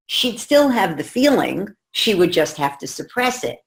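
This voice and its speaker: A middle-aged woman coach explaining calmly and in measured steps to camera. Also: medium pitch, gravelly. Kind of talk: teaching talk to camera.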